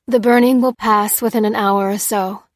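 A woman voicing a brisk, apologetic female doctor who speaks in a clipped, matter-of-fact way. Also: medium pitch, fairly even intonation, no room sound, clean studio sound, natural voice.

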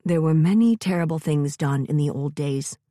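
Woman putting on an old grandma storyteller, low, dark and settled, dry sound. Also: moderate pace, dry recording, close to an everyday voice. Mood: calm.

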